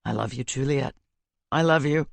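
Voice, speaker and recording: Brief: a woman doing a gruff, rough-edged adult man, protective and raw, for audiobook dialogue. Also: moderate pace, no room sound. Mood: anguished. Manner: low, rough lowered voice. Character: intense adult male rugby player, protective and raw. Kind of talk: audiobook character voice.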